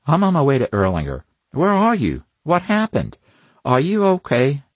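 A man's voice: medium pitch, very animated, slow, breathy edge, dry recording, lo-fi sound, pitched above the performer's own voice, full character voice. A man voicing an anxious female police detective who fires off urgent questions. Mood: alarmed.

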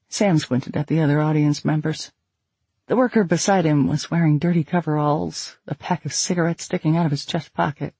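Raspy, gravelly male narrator. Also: on the high side, mellow, no room sound. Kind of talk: audiobook narration.

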